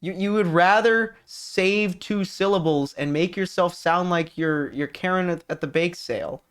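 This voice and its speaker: A man's voice: high voice, a little slow, clean tone. A man streaming, chatting casually with viewers, rambling, swearing and restarting his sentences. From California. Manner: animated, profane, rambling with many restarts. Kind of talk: casual stream chat reading viewer messages.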